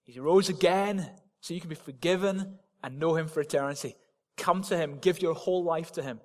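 A pastor preaching a sermon in church, with emphatic, repetitive declarations. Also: male voice, fairly high pitch, moderate pace, big-room sound. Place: church hall.

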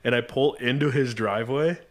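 A man's voice: mid-range voice, brisk. A young man in casual chat, telling a laid-back story, swearing and acting out quotes of others.

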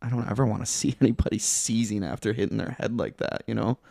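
A man's voice: on the low side, fast, creaky, mellow, no room sound, studio quality. A young man from Michigan, a podcast guest telling a story in a laid-back, rambling way, swearing a lot. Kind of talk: casual chat.

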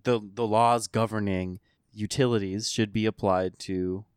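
A man's voice: lowish voice, fairly even intonation, unhurried, smooth, dry recording, clean studio sound. A man co-hosting a podcast, chatting casually in a rambling, sarcastic way. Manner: rambling, sarcastic, lots of fillers. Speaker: podcast co-host. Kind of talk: casual chat.

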